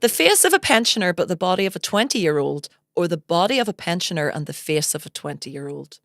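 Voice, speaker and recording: A woman's voice: on the low side, big pitch swings, fairly quick, fairly bright tone, no echo, clean studio sound. A woman with a Northern Irish accent hosting a podcast, laughing often and telling stories chattily. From Northern Ireland. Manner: giggly, chatty storyteller. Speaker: podcast host. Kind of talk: casual chat.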